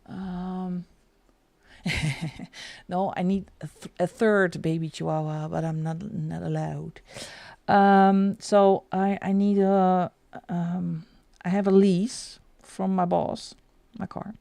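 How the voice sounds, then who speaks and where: A woman's voice: fairly low pitch, fairly even intonation, slow, vocal fry, warm tone, dry recording. A middle-aged woman hosting a coloring livestream, rambling and chatty as she answers her chat and laughs often. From Netherlands. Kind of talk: casual live-stream chat.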